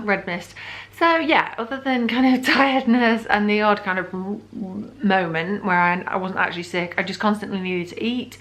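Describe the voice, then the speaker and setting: A woman's voice: medium pitch, a bit bright. A woman in her thirties from the UK, talking through a casual pregnancy update vlog in a rambling, chatty way with lots of fillers and restarts. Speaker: vlogger.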